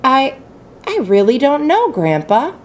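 A woman's voice: fairly high pitch, wildly swooping pitch, a little slow, voice pushed up. A woman voicing a curious, eager young boy in an audiobook reading, asking breathless, wide-eyed questions.

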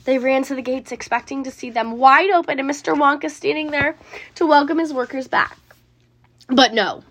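A woman reading a children's book aloud as storyteller, in an expressive, dramatic way. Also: sits high, moderate pace.

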